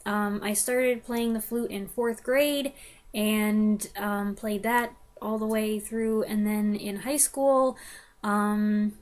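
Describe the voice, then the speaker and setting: A woman's voice: mid-range voice, fairly even intonation, slow pace, a little mellow. A young woman vlogger chatting to the camera, self-deprecating and laughing often. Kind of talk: casual chat to camera.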